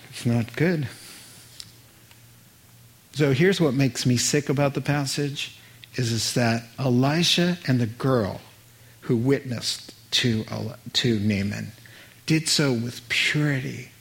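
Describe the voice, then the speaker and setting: A man's voice: mid-range voice, slow, vocal fry, long pauses. A male preacher delivering a sermon in an earnest, emphatic way, acting out scenes from a Bible story.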